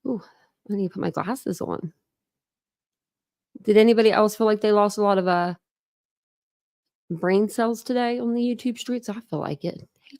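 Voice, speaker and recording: A woman's voice: mid-range voice, a little mellow, no room sound, studio quality. A woman hosting a casual livestream from home, chatty and apologetic, greeting viewers by name. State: a little out of breath. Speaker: livestream host. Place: home room with dogs.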